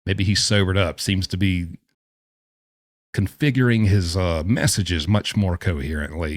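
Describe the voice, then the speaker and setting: In an unhurried, deep voice, a true-crime commentary host talks through a casual video with sarcasm, exasperation and scoffs. His audio is clean and studio-quality, with no echo.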